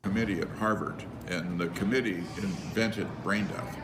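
A man, a doctor, speaking gravely and emphatically in a clip. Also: sits low, normal speed. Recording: loud background noise.

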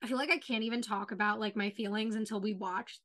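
A woman co-hosting a podcast, casually recapping a TV episode and retelling scenes with animated, cussing commentary. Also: mid-range voice, quick pace. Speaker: podcast co-host.

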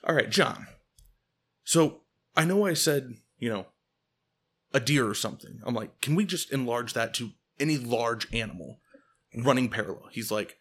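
A man's voice: mid-range voice, normal speed, slightly rough. Man telling a wild story. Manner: animated, gets loud and laughing at the climax. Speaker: podcast host. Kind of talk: comedic storytelling.

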